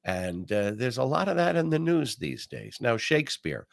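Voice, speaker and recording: A man's voice: mid-range voice, big pitch swings, normal speed, creaky, few pauses, no echo, studio quality. An older man hosting a political commentary podcast, talking in a wry, sarcastic way with many fillers. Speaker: podcast host.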